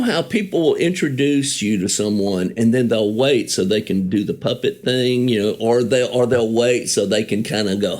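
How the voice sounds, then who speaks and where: A man's voice: on the low side, lively intonation, normal speed, few pauses, darkish tone. A songwriter telling stories about an old friend in an easygoing, rambling way, often correcting himself and chuckling as he talks. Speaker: songwriter guest remembering a friend. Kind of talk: conversational storytelling.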